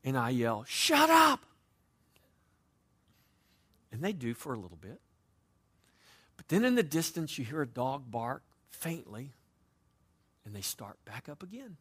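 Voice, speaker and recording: A man preaching a sermon as pastor, with dynamic delivery that moves between loud emphasis and quiet, conversational asides. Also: mid-range voice, sing-song, normal speed, pauses often, husky. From United States.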